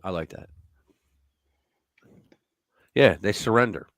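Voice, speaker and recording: A man hosts a casual live-stream commentary show, blunt and profane, laughing at his own jokes. His medium-pitched voice swings widely in pitch at a moderate pace, in clean studio sound with no room sound.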